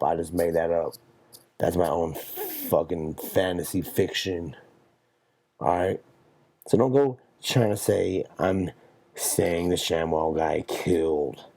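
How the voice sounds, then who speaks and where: A man's voice: deep voice, vocal fry, mellow. A young man hosting a solo podcast, rambling and swearing through a jokey, meandering monologue. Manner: profane, meandering, jokey storytelling. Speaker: podcast host.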